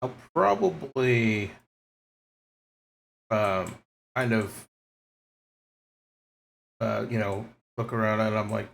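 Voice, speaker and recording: Hesitant low gravelly male player. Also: takes it slowly, pauses often, fairly bright tone, a little hiss or hum. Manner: hesitant, filler-heavy. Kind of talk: casual tabletop play.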